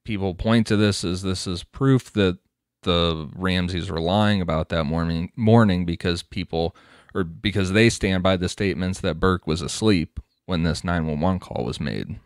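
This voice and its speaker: A man's voice: low voice, moderate pace, smooth, dry recording, studio quality. A man co-hosting a casual podcast, reading quotes and notes from his research aloud between chat. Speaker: podcast co-host.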